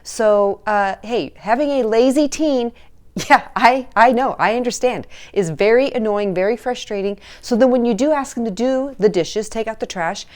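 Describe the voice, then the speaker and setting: A woman's voice: fairly high pitch, moderate pace, darkish tone. Chatty woman coaching parents. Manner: chatty and direct, addresses parents with frequent "all right?" and "okay?". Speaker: teen relationship coach. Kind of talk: casual advice talk to camera.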